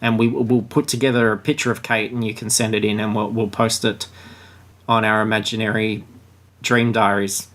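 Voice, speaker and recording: A man's voice: lowish voice, little pitch movement, normal speed, fairly bright tone. A man hosting a podcast, chatting casually and sarcastically about a book and reading passages aloud. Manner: crude, joking, sarcastic. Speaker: podcast host.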